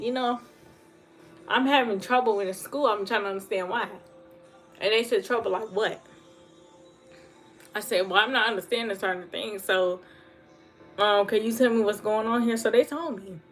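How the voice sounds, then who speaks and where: A woman talking fast and earnestly in a casual livestream monologue, repeating herself for emphasis. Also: mid-range voice. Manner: fast talker. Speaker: livestream host.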